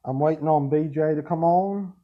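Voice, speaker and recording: A man hosts a live online show, chatting casually with his guest and the viewers. His voice sits a little higher than most men's. The audio is dull and lo-fi. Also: moderate pace. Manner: friendly, says buddy and sir. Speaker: show host. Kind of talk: casual interview hosting.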